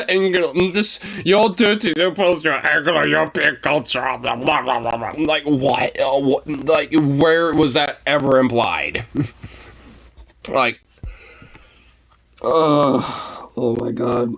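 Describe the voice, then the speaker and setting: A man's voice: fairly high pitch, slow pace, gravelly, a bit bright. A young man giving casual reaction commentary, ranting with heavy profanity and frequent laughter.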